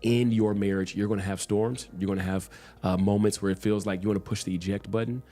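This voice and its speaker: A man's voice: lowish voice, fairly even intonation, quick pace, dark tone. A young man talking as a guest in a casual chat, easygoing and hesitant, with many filler sounds.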